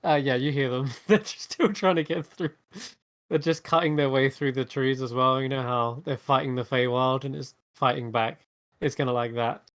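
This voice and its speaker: A man's voice: medium pitch, fairly even intonation, moderate pace, a bit bright, no echo. A man who is the dungeon master, narrating a tabletop game in a laid-back way.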